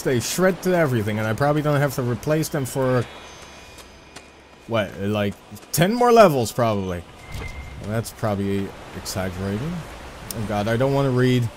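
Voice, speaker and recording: Lively rambling male gamer. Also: mid-range voice, moderate pace, a little hiss or hum. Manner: rambling, self-deprecating, sudden excited outbursts. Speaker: let's play gamer. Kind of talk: casual gameplay commentary.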